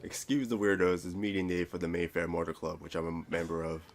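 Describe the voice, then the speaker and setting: Jovial middle-aged French biker, easygoing record-store owner, low voice, read by a man. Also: level tone, fast, slight background noise.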